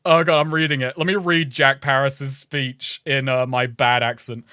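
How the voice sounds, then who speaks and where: A man's voice: medium pitch, steady tone, moderate pace, few pauses, bright, forceful tone, clear, resonant tone, no room sound, clean studio sound. A man co-hosting a podcast, recapping a video game in sweary, rambling casual chat and laughing often. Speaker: podcast co-host.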